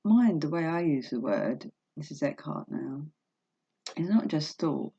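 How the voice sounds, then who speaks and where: A woman's voice: low-pitched, lively intonation, measured pace, vocal fry, warm tone, husky. A woman talking openly and emotionally in a casual home vlog, reading from a book between chatty asides. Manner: emotional, open, chatty with laughs and self-talk. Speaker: vlogger reading a self-help book aloud. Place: home room. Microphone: laptop webcam mic. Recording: dull lo-fi webcam recording.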